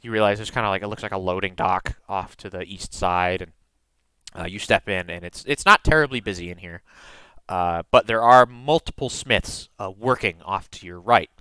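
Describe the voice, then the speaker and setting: A man's voice: deep voice, normal speed, bright, forceful tone, clean tone, dry recording, poor audio. A man narrating a tabletop game as game master in a casual way, with many fillers.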